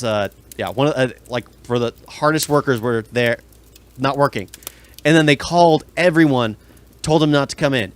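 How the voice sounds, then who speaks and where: A young man telling long, rambling work stories in a casual podcast chat. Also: mid-range voice. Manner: rambling storyteller, many restarts. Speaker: podcast co-host.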